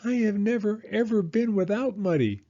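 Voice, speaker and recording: A man voicing a small, sad young female hedgehog who speaks in a timid, halting, tearful way. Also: high-pitched, warm tone, dull audio, pitched above the performer's own voice.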